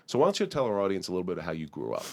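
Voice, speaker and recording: A man's voice: low voice, wildly swooping pitch, racing, vocal fry, a little mellow, no echo. A man hosting a podcast interview, curious and rambling, often restarting his sentences. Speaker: podcast host. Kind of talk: casual interview.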